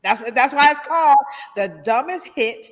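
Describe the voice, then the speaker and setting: A woman hairstylist, hosting a casual live stream with animated shout-outs and playful asides. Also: sits high, unhurried, long reverb tail.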